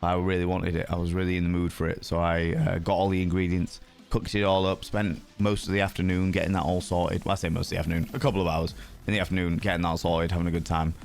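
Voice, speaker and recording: Playful, low-voiced man streaming. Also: little pitch movement, fast, vocal fry, a little mellow. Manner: playful, cheeky greetings, casual swearing. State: sleepy. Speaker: livestream host. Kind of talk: casual chat with viewers.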